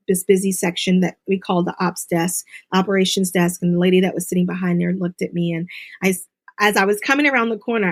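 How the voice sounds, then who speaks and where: A middle-aged woman as an interview guest, earnestly telling a personal story and mimicking others in high voices. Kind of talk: interview conversation.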